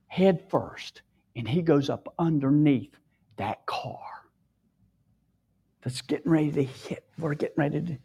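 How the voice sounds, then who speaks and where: A tearful man sharing an emotional personal testimony, often dropping his voice to a hushed whisper. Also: on the high side, a little slow, pauses often, husky.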